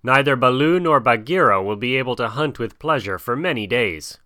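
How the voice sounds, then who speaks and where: A man's voice: medium pitch, expressive, moderate pace, bright, forceful tone, dry recording, studio quality. A man voicing a proud black panther who scolds in a stern manner.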